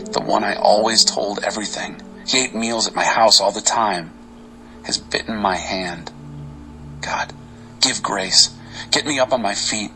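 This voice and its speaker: A man giving an expressive, dramatic reading of Bible psalms over faint music. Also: lowish voice, poor audio. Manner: expressive, varied delivery. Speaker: scripture reader.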